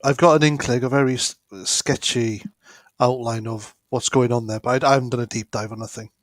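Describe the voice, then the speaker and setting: A man's voice: mid-range voice, fairly even intonation, a little fast, no echo. A man chatting casually on a livestream, rambling with lots of fillers. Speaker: co-host guest. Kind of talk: casual live chat.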